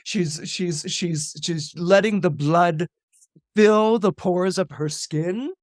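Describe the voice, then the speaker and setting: A man, an astrologer guest on a podcast, retelling a Greek myth in a lively, dramatic way with casual asides. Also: high voice, takes it slowly, no room sound, clean studio sound. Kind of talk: animated myth storytelling on a podcast.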